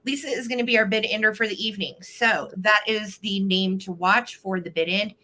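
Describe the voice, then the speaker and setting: Bubbly woman live-stream sale host, bright tense voice, chatty, greets viewers by name. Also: mid-range voice, fairly even intonation, a little fast. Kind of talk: casual live-stream chat.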